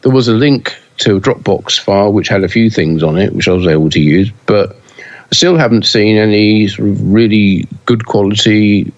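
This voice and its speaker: Low-voiced man on a dull lo-fi line. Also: moderate pace. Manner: hesitant, many fillers and restarts. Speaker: pinball news podcast co-host. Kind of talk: casual podcast chat.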